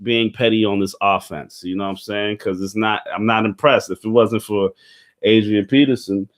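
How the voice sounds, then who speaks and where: A young man talks through a football week in a loose, rambling way, thick with slang, swearing and fillers. His voice sits fairly low, and he burps now and then. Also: steady tone, normal speed. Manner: burping. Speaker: football commentator. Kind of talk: casual sports recap.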